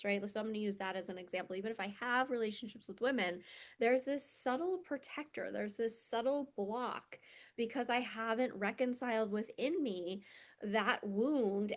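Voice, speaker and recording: Earnest, slightly high-voiced woman confiding. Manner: earnest and confessional, with many "like" fillers. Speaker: spiritual self-development coach. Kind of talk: casual reflective monologue.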